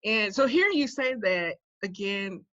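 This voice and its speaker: A woman hosting a podcast interview, expressive and earnest, affirming her guest often. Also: medium pitch, measured pace. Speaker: podcast host. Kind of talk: casual interview chat. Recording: dry, slightly dull recording.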